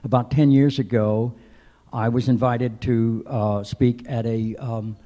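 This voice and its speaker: Older male keynote speaker, mellow tone, dry self-deprecating humor, halting delivery, reverberant hall mic. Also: mid-range voice, steady tone. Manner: wry self-deprecating storyteller, many hesitant "uh"s. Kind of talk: anecdotal after-breakfast speech. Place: large banquet hall.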